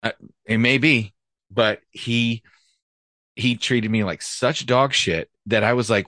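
A man's voice: medium pitch, slow pace, pushed and bright, no echo. A man hosting a podcast and telling his own stories in casual chat, plainspoken and frank. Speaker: podcast host, former police officer.

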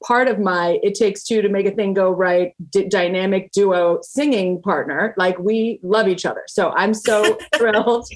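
A woman's voice: mid-range voice, steady tone, measured pace, few pauses. Enthusiastic woman podcast host. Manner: enthusiastic, motivational. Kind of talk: upbeat podcast promo and interview.

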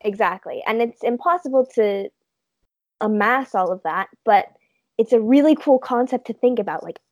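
A chatty, giggly woman co-hosting a casual podcast in a fairly high voice. She trails off into fillers as she talks her thoughts through. The sound is dry and close. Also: moderate pace, dry recording. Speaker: podcast co-host. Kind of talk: casual chat.

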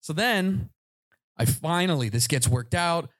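Male podcast host, comic storyteller, fairly high voice with big swings in pitch, dry close sound. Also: measured pace, dry recording. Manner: animated, acts out voices in his anecdotes. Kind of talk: comedic storytelling before a live audience.

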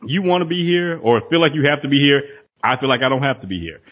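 A man's voice: mid-range voice, fast. A man in casual podcast chat, telling stories with profanity and acting out what people said. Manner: animated, profane storytelling with acted-out quotes. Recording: tinny phone-like audio.

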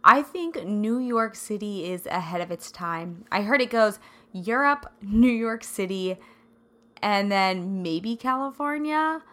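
A woman from the Midwest hosting a casual solo podcast, bubbly and effusive, laughing often, her throat a little scratchy and raspy today. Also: medium pitch, lively intonation, takes it slowly, sharp tone. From American Midwest. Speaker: podcast host.

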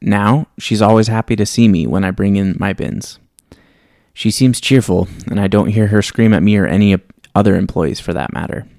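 Low gravelly man telling a story. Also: normal speed, warm tone, dry recording, clean studio sound. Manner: reflective, wry storytelling. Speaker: podcast host. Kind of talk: reading a personal story aloud, then casual sign-off.

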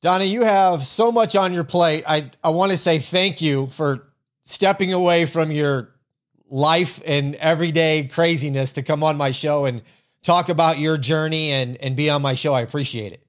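A man's voice: on the high side, moderate pace. A man hosting a podcast, thanking his guest and giving an upbeat, appreciative sign-off. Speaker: podcast host.

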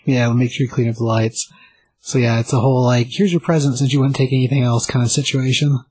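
A man's voice: medium pitch, little pitch movement, fast, a little mellow, slightly rough, dry recording. A man chatting casually about comics, chiming in with short agreeing remarks. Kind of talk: casual chat.

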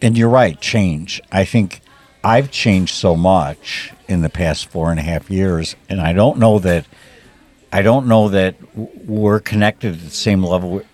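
A man's voice: deep voice, a little slow, a little mellow. A man co-hosting a podcast interview, affirming his guest and drawing her out with questions. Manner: affirming, frequent encouraging interjections. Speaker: podcast co-host. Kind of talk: conversational interview.

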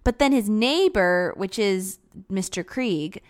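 A young woman chatting casually as she retells a film plot, rambling with lots of "like" and acting out lines in high squeaky voices. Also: expressive, slow pace. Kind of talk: casual chat recapping a film.

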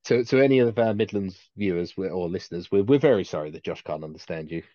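A man with a fairly low voice talks his way around a point, full of restarts and fillers. The recording is dry and a little dull. The chat stays casual and unscripted. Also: animated, quick pace, dark tone, dry recording. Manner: rambling, many restarts and fillers. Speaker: podcast co-host.

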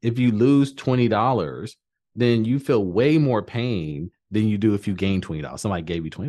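Man podcast host, lowish voice, enthusiastic, acts out quotes. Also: expressive, fairly quick, mellow. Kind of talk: conversational interview.

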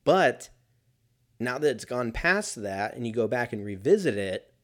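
Guy rambling solo on his podcast, swears a lot, laughs mid-sentence, middle-pitched voice. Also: very animated, unhurried. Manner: rambling, profane, often laughing. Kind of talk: casual solo monologue.

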